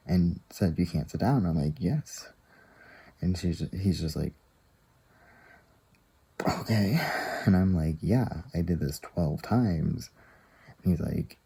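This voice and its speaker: Low gravelly young man telling a story. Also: mellow, poor audio. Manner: rambling, retells dialogue with many "I'm like" and "he's like". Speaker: vlogger. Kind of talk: casual storytelling to camera.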